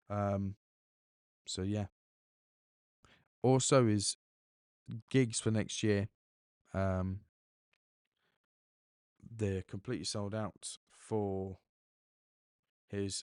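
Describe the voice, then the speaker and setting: A man's voice: on the low side, darkish tone, smooth, dry recording, clean studio sound. A young man hosting a podcast, rambling chattily and correcting himself as he goes. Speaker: podcast host. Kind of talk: casual solo podcast monologue.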